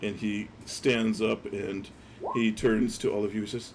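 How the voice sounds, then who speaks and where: A man narrating a tabletop game as dungeon master. His voice is lowish and gravelly. He talks in loose, hesitant phrases with plenty of ums and uhs. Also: little pitch movement, measured pace, a little hiss or hum. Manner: loose, filler-heavy narration.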